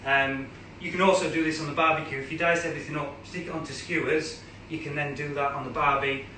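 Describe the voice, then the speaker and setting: A man's voice: a little high, fairly even intonation, fast, pushed and bright, echoey room, distant mic, slight background noise, low-quality recording. A man with an English accent explaining a recipe as he cooks it live, chatty, with lots of ums. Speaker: cooking demonstrator. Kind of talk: casual live cooking demo. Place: home kitchen.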